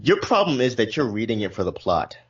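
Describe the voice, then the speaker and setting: A man's voice: lowish voice, big pitch swings, a little fast, a bit bright, husky. A young man co-hosting a podcast, talking casually in a blunt, sarcastic, joking way. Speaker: podcast co-host. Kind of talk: casual chat. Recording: dull lo-fi audio.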